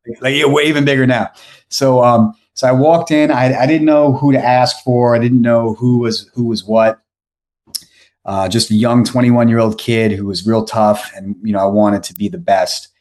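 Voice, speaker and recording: A man's voice: medium pitch, fairly even intonation, moderate pace, darkish tone. A man from New York telling a story as a podcast guest, rambling with lots of fillers and restarts. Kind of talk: casual storytelling.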